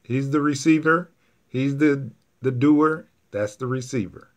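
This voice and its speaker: A man's voice: medium pitch, a little slow. A man teaching Spanish grammar to a class, patiently repeating each point step by step.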